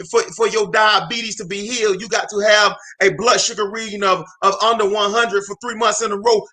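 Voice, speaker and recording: A man's voice: high voice, bright, forceful tone. A man from Alabama giving a preacher-style motivational talk, emphatic and repetitive, calling out to listeners by name. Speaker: motivational host.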